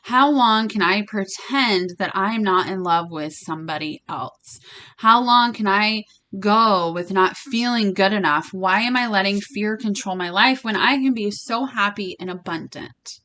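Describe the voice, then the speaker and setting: A woman's voice: medium pitch, a little slow, sharp tone. A young woman giving a casual spiritual card reading to her viewers. She talks bluntly and emphatically, swearing freely as she speaks straight to the listener. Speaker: tarot reader.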